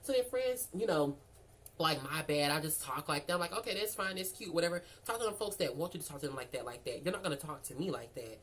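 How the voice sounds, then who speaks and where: Lively low-voiced woman telling a story. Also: fast, a little hiss or hum, poor audio. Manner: animated, profane, acts out both sides of conversations. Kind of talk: casual storytime chat.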